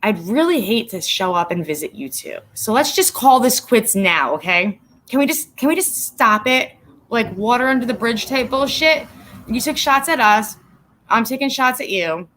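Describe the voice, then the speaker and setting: Reading viewers' comments on a casual live stream, a woman vlogger occasionally tears up between sarcastic, sweary rambling. Her fairly high voice is lively in intonation and a bit bright, delivered at normal speed.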